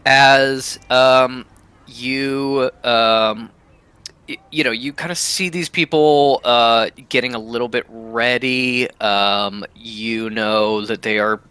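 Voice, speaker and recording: A man's voice: mid-range voice, fairly even intonation, slow pace, pushed and bright, clean tone, dry recording. A man narrating as game master of a tabletop game, hesitant and full of ums and restarts.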